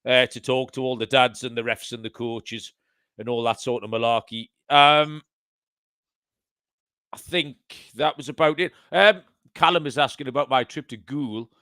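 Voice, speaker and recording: A man's voice: mid-range voice, steady tone, normal speed, bright, forceful tone, smooth, no echo, clean studio sound. A man hosting a podcast, chatting casually and amusing himself with his own banter. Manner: chatty, self-amused banter. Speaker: podcast host.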